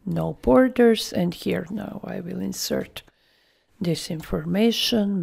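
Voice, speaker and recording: Slow gravelly-voiced woman trainer. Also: mid-range voice, mellow. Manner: thinks aloud while clicking, trailing half-whispered asides. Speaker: software trainer. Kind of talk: screen-recorded software tutorial.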